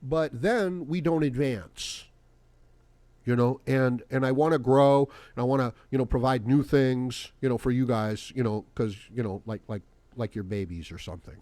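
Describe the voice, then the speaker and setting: A man's voice: mid-range voice, a little fast, warm tone, no room sound. Rambling, profane male podcast host. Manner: rambling and profane, full of "you know" fillers. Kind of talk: rambling solo podcast monologue.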